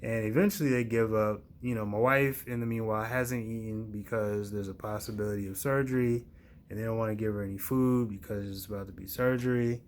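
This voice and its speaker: A young man chatting casually to his viewers and telling a family story in a relaxed, rambling way, with many fillers and slang words. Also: on the low side, fairly quick, slight background noise. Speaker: vlogger.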